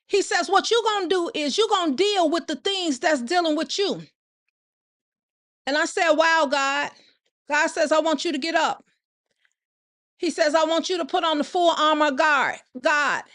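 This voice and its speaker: A woman's voice: high voice, moderate pace, a bit bright. A woman host preaching on a live stream, repeating phrases and asking listeners pointed rhetorical questions, and greeting viewers by name between points.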